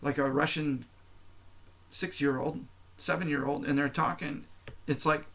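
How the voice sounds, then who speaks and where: A man's voice: mid-range voice, fairly even intonation, moderate pace, creaky, a bit bright, slightly rough. A man with a middle-range voice talks alone on his podcast, loose and unscripted. He rambles, restarts his sentences, swears freely and laughs at his own asides. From United States. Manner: rambling, profane, laughing at himself. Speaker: podcast host. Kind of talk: unscripted casual monologue.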